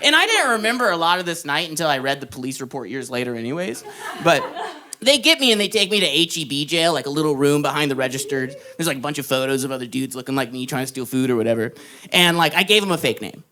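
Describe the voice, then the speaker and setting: A young man doing stand-up, telling a story in an animated way, laughing along and jumping into loud put-on voices. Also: a little high, quick pace. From Texas. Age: young adult. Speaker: stand-up comedian. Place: live comedy club stage.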